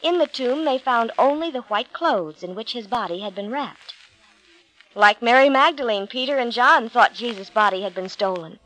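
A woman reading a storybook aloud. Her voice sits a bit high, and her reading is clear and expressive. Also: moderate pace, rough recording. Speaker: narrator.

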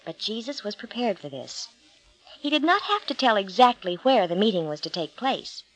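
A woman narrating a Bible story for a storybook reading, steady and clear. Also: mid-range voice, normal speed, faint music behind, low-quality recording.

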